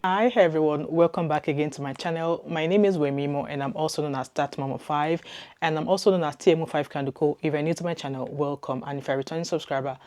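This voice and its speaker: A woman's voice: low-pitched, fairly even intonation, fast, a little mellow. A middle-aged woman from Nigeria with a heavy Nigerian accent, talking casually to her camera in a chatty, reassuring way and repeating points for emphasis. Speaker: vlogger.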